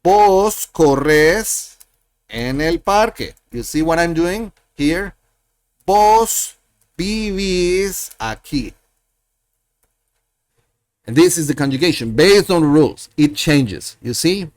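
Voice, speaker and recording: A man teaching a Spanish lesson, slowly and patiently repeating example sentences as he walks through verb endings. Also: fairly high pitch, lively intonation, dry recording. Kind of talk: screen-share language lesson.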